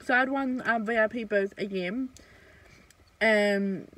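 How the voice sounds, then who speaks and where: A young woman vlogging a casual storytime, chatty and blunt, swearing freely and filling pauses with "um" and "like". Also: medium pitch, fairly bright tone, poor audio.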